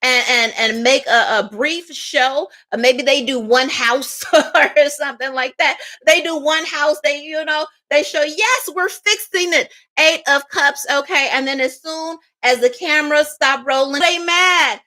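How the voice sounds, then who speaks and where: A sassy woman doing a livestream tarot reading. Her voice sits high and bright, with sharp edges. She talks emphatically, full of mocking asides. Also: a little slow, hardly any pauses. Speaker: psychic tarot reader.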